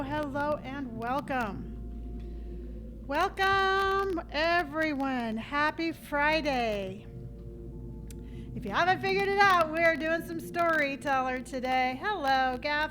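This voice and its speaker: A high-pitched woman hosts a live stream from her home setup. She chats casually and cheerfully and greets her viewers in a playful, repetitive sing-song. A faint hum of ambient noise sits behind her voice. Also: bright, forceful tone, poor audio. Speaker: livestream host.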